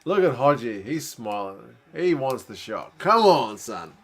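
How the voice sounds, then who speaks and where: A man's voice: mid-range voice, very animated, a little slow. A man hosting a casual live watch-along, chatting and reacting aloud to a rugby match. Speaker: host.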